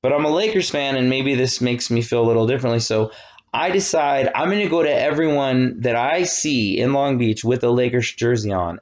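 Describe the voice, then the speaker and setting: A man in his thirties giving a casual, animated classroom lecture, often checking that students follow. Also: medium pitch, a little fast, dull audio. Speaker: college lecturer.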